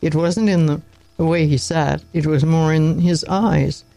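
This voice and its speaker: A man narrating a story aloud in a plain, measured reading with small slips. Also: on the high side, fairly even intonation, vocal fry, dark tone, dry recording, low-quality recording.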